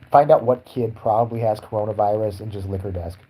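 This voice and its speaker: A man's voice: lowish voice, a little fast, mellow, slightly rough, low-quality recording. A young man ranting in a crude, sarcastic, profane way as a podcast host. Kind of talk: crude comedic rant.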